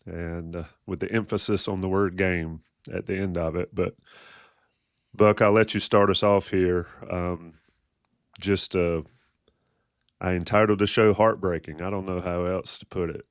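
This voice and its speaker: A man with a deep, low voice opens a weekly college football talk show. He speaks in a somber, halting way and leans on fillers. The sound is close and dry, with no room around it. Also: fairly even intonation, no room sound. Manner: somber, hesitant with many fillers. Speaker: podcast host.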